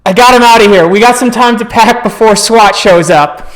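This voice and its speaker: A man's voice: sits high, animated, fast, background noise. Steven: breezy, unflappable guy, slightly raised voice, as the storyteller puts him on. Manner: breezy, matter-of-fact. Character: cheerful scheming male ally Steven.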